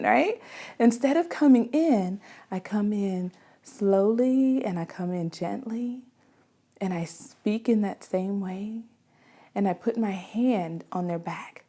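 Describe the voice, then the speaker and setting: A woman's voice: medium pitch, a little mellow. A woman, a mother, giving parenting advice in an earnest, conversational way, often checking in with the listener. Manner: earnest and conversational, with frequent "right?" asides. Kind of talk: casual advice talk.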